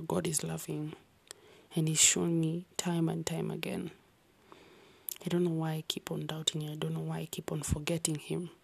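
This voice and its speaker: Young woman w/ an accent rambling softly at night, kinda husky, half whispering, real slow. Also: deep voice. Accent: unnamed non-native-sounding accent. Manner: soft, often half-whispered, rambling with sighs and restarts. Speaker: vlogger. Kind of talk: late-night personal ramble.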